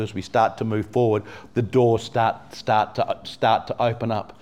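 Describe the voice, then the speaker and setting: A man's voice: fairly low pitch, level tone, measured pace, darkish tone. A man from England preaching a sermon to a congregation in a church, talking casually with lots of "you know" and questions to the people in front of him. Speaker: pastor.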